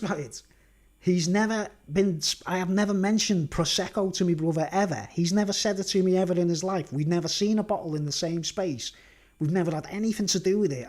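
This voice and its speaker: His voice sits high and is a little mellow. At home, the Merseyside man delivers a long, emphatic story as a casual livestream monologue, stressing points and checking in with "right?" and "do you understand?"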